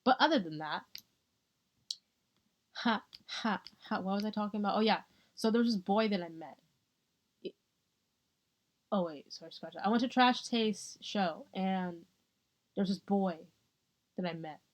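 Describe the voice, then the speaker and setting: A woman's voice: medium pitch, measured pace, pauses often. Rambling, giggly young woman vlogger. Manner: rambling, giggly, self-interrupting. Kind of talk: rambling casual storytelling. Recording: dull lo-fi sound.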